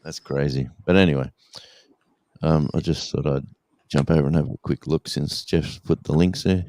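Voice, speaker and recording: Very deep-voiced Australian man. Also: fairly even intonation, moderate pace, darkish tone, a little hiss or hum. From Tasmania, Australia. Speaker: guest. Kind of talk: casual live-stream chat.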